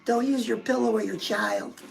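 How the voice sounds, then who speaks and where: High-voiced chatty advice woman. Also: very animated, moderate pace, gravelly, soft background music, poor audio. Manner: chatty, confiding, addresses listeners as girl. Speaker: love and dating advice host. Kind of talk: casual advice talk to viewers.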